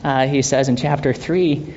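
A man leading a Bible study in a conversational way, asking rhetorical questions and laughing softly now and then. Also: fairly even intonation, unhurried. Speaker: Bible teacher. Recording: dull lo-fi sound with faint rumble.

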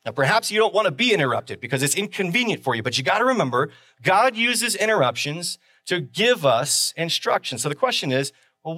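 A man's voice: sits high, pushed and bright, no echo. A man preaching a sermon as pastor on a live stream, talking conversationally and driving points home with repeated phrases and rhetorical questions.

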